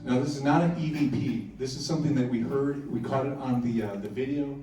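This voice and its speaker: A man's voice: medium pitch, a little fast, music in the background. A man presenting at a conference, telling spooky stories to a packed room in a casual, joking way with frequent restarts. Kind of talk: storytelling talk to a live audience. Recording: echoey room, heard from far off.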